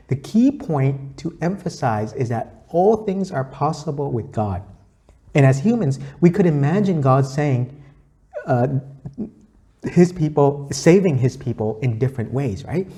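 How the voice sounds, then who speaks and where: Male speaker, gospel reflection, earnest teacher's delivery with lively pitch, repeats key points. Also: normal speed.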